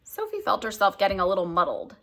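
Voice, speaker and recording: A woman reading a children's book aloud, telling the story in a lively way and pointing out the pictures. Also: medium pitch, quick pace. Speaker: reader.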